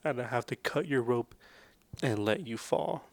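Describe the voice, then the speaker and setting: A man's voice: medium pitch, unhurried, vocal fry, no room sound. A man casually recapping movies in a vlog, rambling with lots of fillers. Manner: rambling, filler-heavy, laid-back.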